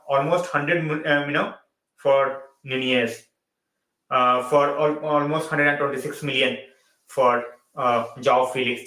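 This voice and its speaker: A man hosting a football channel's live stream sounds tired and yawns late at night, switching into Hindi mid-sentence and repeating his phrases. His voice is medium-pitched, pushed and bright, captured in a reverberant, low-quality recording.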